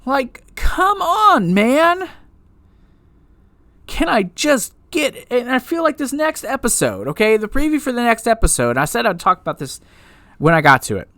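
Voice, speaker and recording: A man reviewing a TV episode in a casual rant, exasperated and animated, often restarting his sentences. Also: very high voice, fairly quick, dry recording.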